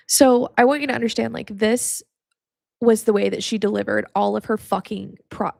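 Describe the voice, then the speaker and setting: A woman's voice: medium pitch, steady tone, normal speed, creaky, darkish tone, no echo, clean studio sound. A woman hosting a podcast with a casual faith teaching, talking candidly and straight to the listener, swearing freely and speaking with emotion. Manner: talks straight to the listener, calls them honey. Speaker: podcast host.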